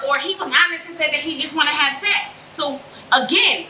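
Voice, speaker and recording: A woman's voice: high voice, brisk, hardly any pauses, bright, forceful tone, a little hiss or hum. A woman co-hosting a live podcast, blunt and profane, laughing through her points. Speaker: podcast co-host, therapist. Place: patio bar. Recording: roomy live recording.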